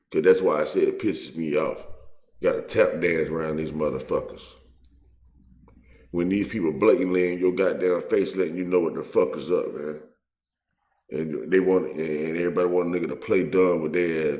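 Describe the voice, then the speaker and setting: A man's voice: rumbling low, a little mellow, roomy sound. A man hosting his own video, giving a heated, profane commentary full of street slang. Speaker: online video host.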